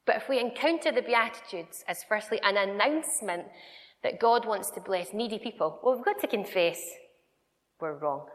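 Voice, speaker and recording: A woman preaching a sermon, conversational and emphatic, moving between quiet asides and loud declarations. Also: mid-range voice, lively intonation, normal speed. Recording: long hall reverb.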